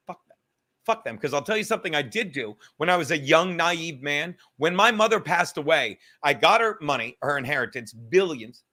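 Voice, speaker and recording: A young man hosting a livestream, talking in a profane, rambling, animated way. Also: high-pitched. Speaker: livestream host. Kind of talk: casual livestream rant.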